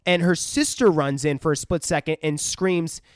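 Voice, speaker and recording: A man's voice: on the high side, moderate pace, dry recording, clean studio sound. A man co-hosting a podcast, retelling a film scene by scene with lots of swearing and acted-out quotes. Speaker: podcast co-host. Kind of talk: casual film review chat.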